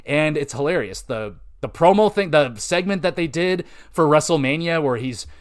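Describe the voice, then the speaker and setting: A young man hosting a casual wrestling podcast, excitable and profane, rambling with lots of filler. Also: a little high, moderate pace. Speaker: podcast host.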